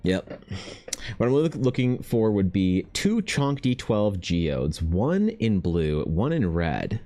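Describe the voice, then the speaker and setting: A young man streaming casually, excitable and thinking aloud, swearing freely as he chats. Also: on the low side, takes it slowly, no room sound. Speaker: art streamer. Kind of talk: casual livestream chat.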